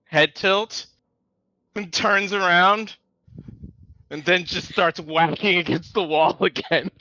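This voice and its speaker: A man playing a character in a tabletop game, animated and given to swearing. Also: sits high, slow, no room sound, muffled recording. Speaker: player. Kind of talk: tabletop role-play.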